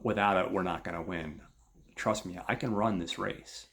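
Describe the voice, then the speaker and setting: A man's voice: low-pitched, normal speed, vocal fry, a bit bright. A man voicing a cocky young male runner and ladies' man who talks in a pushy, confident way. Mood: insistent.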